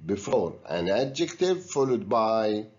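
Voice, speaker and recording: A male English teacher in a recorded video lesson, speaking slowly and deliberately with a lively, rising-and-falling voice. The recording is a little muffled and lo-fi. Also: fairly low pitch. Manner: slow, deliberate, guiding students step by step.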